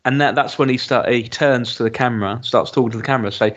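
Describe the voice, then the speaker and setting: A man's voice: medium pitch, fast talker, a bit bright. Chatty man, muffled podcast sound. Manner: chatty, hesitant with frequent ums and restarts. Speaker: podcast co-host. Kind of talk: casual chat reviewing a TV episode.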